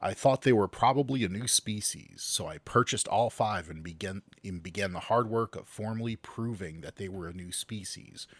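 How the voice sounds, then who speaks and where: A man's voice: lowish voice, moderate pace, hardly any pauses, no echo. A man co-hosting a podcast, reading news stories aloud in a casual chat and stumbling over some words.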